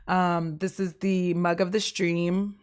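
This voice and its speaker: A woman talks casually to her stream viewers while sick, her voice pushed lower and rougher by a cough. She rambles from one thing to the next, laughing often and leaning on fillers. Her voice sits somewhat low for a woman. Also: flat delivery, slow pace.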